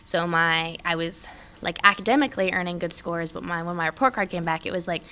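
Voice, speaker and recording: Chatty young woman, lowish voice. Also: fairly quick, clear, resonant tone. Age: young adult. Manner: chatty, many fillers, animated when quoting others. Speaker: guest, airman. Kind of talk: casual interview chat.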